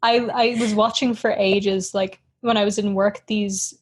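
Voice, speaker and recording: A woman's voice: mid-range voice, steady tone, a little slow, breathy edge. Giggly, rambling woman for a casual chat podcast, middle voice. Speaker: podcast co-host.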